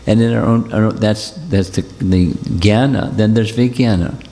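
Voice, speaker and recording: A low, gravelly man teaches at a devotional gathering, circling back over his points in a gentle, reassuring way. His mellow voice rings with the long reverb of a big hall. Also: moderate pace. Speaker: spiritual teacher. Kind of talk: devotional talk with questions.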